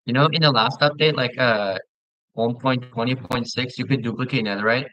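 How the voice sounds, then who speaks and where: A man chatting casually while playing a game with a friend, relaxed and talkative, often stumbling and restarting his sentences. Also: mid-range voice, fairly quick, no room sound, low-quality recording. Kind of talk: casual gaming chat.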